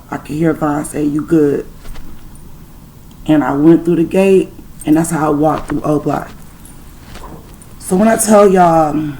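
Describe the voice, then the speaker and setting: Gravelly-voiced woman telling a story. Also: fairly low pitch, darkish tone, low-quality recording. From Detroit, USA. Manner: profane, rambling spiritual storytelling. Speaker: channel host. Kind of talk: storytime vlog.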